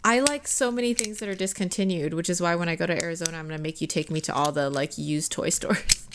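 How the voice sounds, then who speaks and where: A woman's voice: on the low side, fast, very noisy. A woman co-hosting a podcast in a casual chat, talking loosely with lots of "like" and frequent laughs. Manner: chatty, frequent "like", laughs often. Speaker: podcast co-host.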